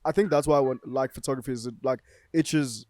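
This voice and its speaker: A man's voice: medium pitch, darkish tone, dry recording. A man co-hosting a casual podcast, teasing and laughing often. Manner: laughs often, teasing, drawn-out joking bits. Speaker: podcast co-host. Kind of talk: casual chat.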